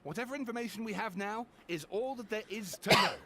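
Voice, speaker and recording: A man's voice: high-pitched, fast talker, heavy background noise. A man voicing a patient male character in a video game who reasons and reassures. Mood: reassuring.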